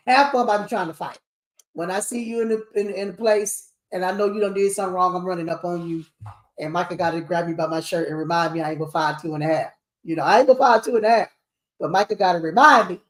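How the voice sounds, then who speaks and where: A woman, an award show CEO talking shop in a lively, preachy way. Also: mid-range voice. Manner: animated, preachy, sings snippets. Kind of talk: casual panel chat. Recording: echoey room.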